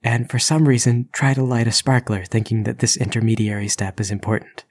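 A man narrating as game master in a tabletop game, telling the story steadily with soft asides. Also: medium pitch, fairly even intonation, a little fast.

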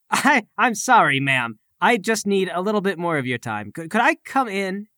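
A man's voice: high voice, very animated, moderate pace, bright, forceful tone, no room sound, studio quality. A man playing a tabletop game in character, speaking in a mock-formal, pushy way. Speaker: player.

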